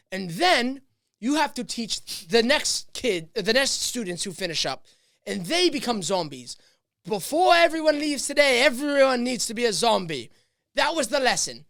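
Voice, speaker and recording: A man's voice: very high voice, creaky. A man who works as a teacher, chatting casually as a podcast guest and telling a classroom story with lots of acted-out voices. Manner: animated storyteller, acts out voices. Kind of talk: casual chat.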